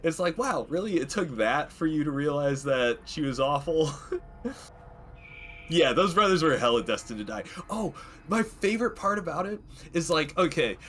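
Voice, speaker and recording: A man's voice: on the high side, animated, normal speed, fairly bright tone, a little hiss or hum. A man casually commenting while playing a video game, rambling with many fillers and frequent chuckles. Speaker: let's play gamer.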